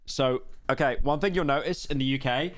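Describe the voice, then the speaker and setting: A British man streaming, reacting to a video with rambling, animated casual commentary, full of tangents and stammered restarts. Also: medium pitch, fairly quick, no echo. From England.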